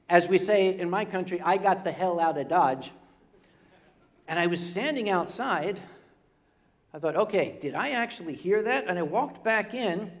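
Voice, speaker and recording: Older man telling a comic story on stage. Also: high-pitched. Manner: comic, stammering, chatty asides to the audience. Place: convention center stage before a live audience.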